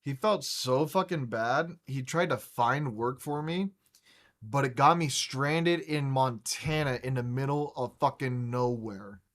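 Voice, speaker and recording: A man's voice: mid-range voice, a little slow, fairly bright tone. A man hosting a podcast, telling a long anecdote in a rambling, profane way with frequent restarts. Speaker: podcast host. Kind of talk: casual storytelling chat.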